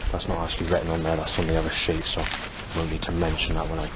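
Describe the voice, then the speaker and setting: A man, talking in a halting, rambling monologue full of fillers and restarts as he reads from his notes. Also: rumbling low, monotone. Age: 40s. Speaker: vlogger. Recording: loud outdoor traffic noise.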